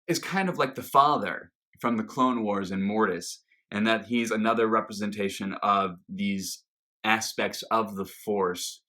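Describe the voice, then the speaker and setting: Excitable male video reviewer, low voice with a bright edge, rambling. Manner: enthusiastic, rambling with fillers and restarts. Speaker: reaction video host. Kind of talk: casual review monologue.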